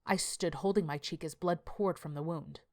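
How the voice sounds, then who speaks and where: Here a woman plays a tired landscaper keeping a journal, recounting his story plainly and confessionally with a rueful mood. The male-sounding voice is slightly high and natural, with a steady tone at normal speed.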